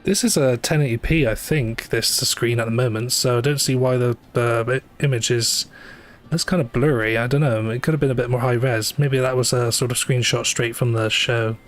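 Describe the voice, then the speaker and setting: A man's voice: medium pitch, fairly even intonation, normal speed. Rambling casual male game streamer. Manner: rambling, many fillers and self-corrections, dry asides. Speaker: livestreamer playing a gacha game. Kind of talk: casual live commentary. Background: faint game music.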